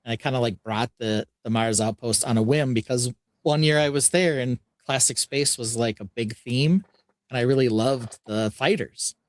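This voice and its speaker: A man hosting a casual podcast, his voice sitting at an ordinary middle pitch. He talks in a relaxed, rambling way, backing up and restarting as he thinks. The sound is dry and close, with no room echo. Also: normal speed. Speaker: podcast host and builder.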